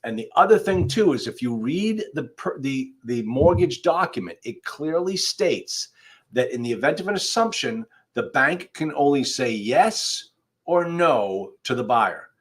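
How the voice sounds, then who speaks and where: Very animated and a little slow, this male attorney speaks at a medium pitch while hosting a livestreamed law class. He talks directly to his audience in a conversational, emphatic way.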